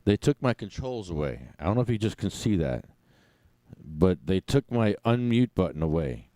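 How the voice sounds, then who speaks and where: A man's voice: low-pitched, big pitch swings, normal speed, mellow, no room sound, studio quality. A man at home rambling and joking to himself during a live-streamed online meeting. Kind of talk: casual live-stream chat.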